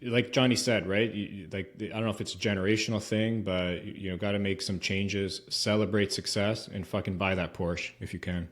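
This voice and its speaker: A man's voice: on the low side, steady tone, a little fast, few pauses. A man hosting a casual podcast, asking loose questions that trail off, with some swearing.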